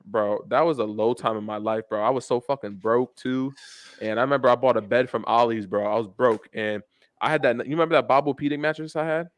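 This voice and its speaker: A man's voice: mid-range voice, fairly quick, dry recording. A young man co-hosting a podcast, telling rambling, profane stories in casual chat and calling everyone "bro". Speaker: podcast co-host.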